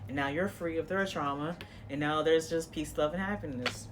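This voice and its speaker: A woman's voice: low-pitched, normal speed, background noise. A woman giving a casual tarot reading in a blunt, profane, coaching tone, rambling with frequent "you know"s and restarts. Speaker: tarot reader.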